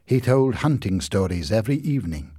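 A man narrating a storybook in an expressive, lively reading. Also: fairly low pitch, a little fast, husky, no room sound, studio quality.

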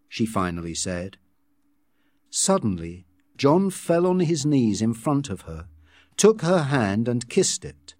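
Male narrator for a graded reader: slow, lively pitch, measured, dry close mic. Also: no room sound. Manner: measured, expressive reading. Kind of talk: scripted story narration.

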